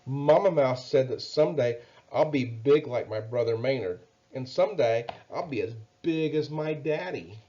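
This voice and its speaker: A man voicing a small, timid but cheerful male mouse who squeaks and stammers kindly. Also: dark tone, dull audio, natural voice.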